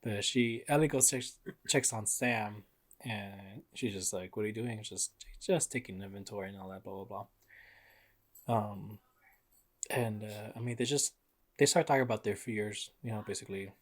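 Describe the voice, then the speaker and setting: Co-host, young adult man, somewhat low voice, easygoing recapper, lots of ums and likes. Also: normal speed. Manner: laid-back recapping, many fillers like um and like. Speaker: podcast co-host. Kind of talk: casual chat.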